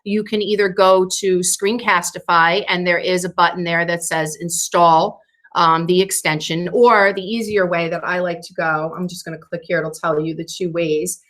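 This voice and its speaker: A woman leading a teacher training over a video call, walking through software steps casually, and she says she is losing her voice. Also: fairly low pitch, steady tone, normal speed. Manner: explains steps casually with fillers. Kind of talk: screen-share training session.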